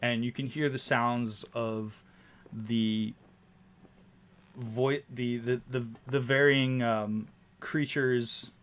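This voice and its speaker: A man narrating as game master, describing scenes slowly with frequent fillers and restarts. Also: mid-range voice, fairly even intonation, a bit bright. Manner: descriptive, halting, many fillers.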